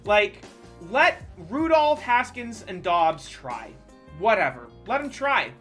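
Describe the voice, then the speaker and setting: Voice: mid-range voice, slow pace, faint music behind. A streamer ranting casually and profanely about football while playing a baseball management game. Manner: animated, profane sports ranting.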